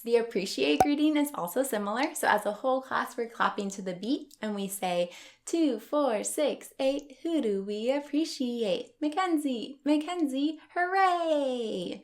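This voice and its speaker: A young adult woman, an elementary school teacher, explaining classroom routines step by step in a clear, upbeat instructional tone. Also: mid-range voice.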